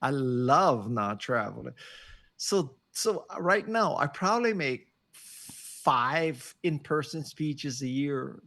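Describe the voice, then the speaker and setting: Un uomo anziano dalla voce roca e ghiaiosa, ospite di un podcast collegato in videochiamata. Racconta con animazione e battute, in tono di chiacchierata rilassata. La voce ha un timbro graffiante con un registro medio. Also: male voice, mid-range voice, takes it slowly, gravelly. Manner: animated, joking storyteller. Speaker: podcast guest. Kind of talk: casual interview chat. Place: home office on a video call. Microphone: video call.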